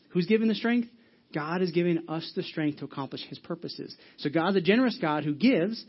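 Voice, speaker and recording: Husky-voiced man preaching a sermon. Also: a little high, brisk, dull audio. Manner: earnest, animated preaching with rhetorical questions. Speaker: pastor.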